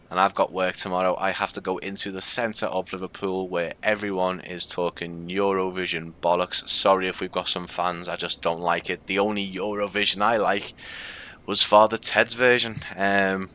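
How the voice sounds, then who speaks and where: Low flat Scouse man, bright crisp voice. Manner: casual and rambling, with many fillers. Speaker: streamer. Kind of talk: live gameplay commentary.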